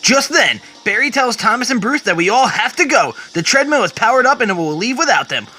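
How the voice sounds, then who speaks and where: Bright, lively male comic narrator. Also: extremely high pitch, fairly quick, soft background music. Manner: storytelling, quoting characters. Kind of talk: dramatic comic retelling.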